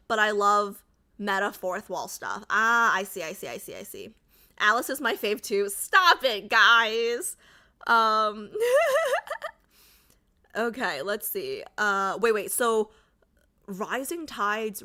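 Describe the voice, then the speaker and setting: A woman's voice: mid-range voice, unhurried, bright, forceful tone. A woman streamer in casual livestream chat, joking and reading out and answering her chat. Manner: chatty, jokey, reads and answers chat aloud.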